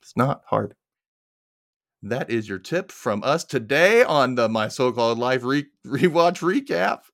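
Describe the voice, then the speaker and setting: A man chatting through a TV episode recap as a podcast co-host. His voice sits at an everyday pitch but swings all over the place as he jokes, laughs and slips into put-on voices for the characters. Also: measured pace, vocal fry, no room sound, studio quality. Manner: animated, jokey, quotes characters in voices, laughs often. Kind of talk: casual recap chat.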